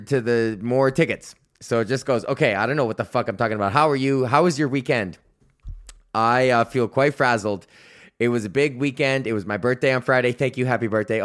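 A man's voice: medium pitch, clean tone. A man hosting his own podcast, ranting solo in a profane, rambling way that keeps interrupting itself. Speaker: podcast host. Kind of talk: solo comedic rant.

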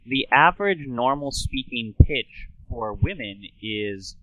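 A man who is a doctor and talk show host, explaining in a lecturing way with quick asides. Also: mid-range voice, lively intonation, bright, forceful tone, no echo, dull audio.

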